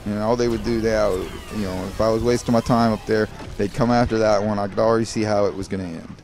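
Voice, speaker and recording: A man's voice: on the low side, steady tone, fast talker. Rambling, grumbling male gamer. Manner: digressive, grumbling, talks to viewers. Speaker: gaming video creator. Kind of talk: rambling gameplay commentary.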